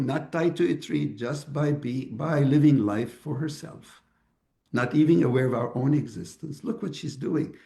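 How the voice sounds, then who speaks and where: Male economist speaker, mellow tone, lively conversational delivery. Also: medium pitch, reverberant. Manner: animated storytelling, quotes others in dialogue. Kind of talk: conversational talk.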